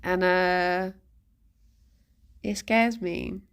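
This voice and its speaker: A woman's voice: fairly low pitch, steady tone, extremely slow, clean tone. A woman live streamer chatting casually with her viewers, rambling and self-deprecating, chuckling as she goes.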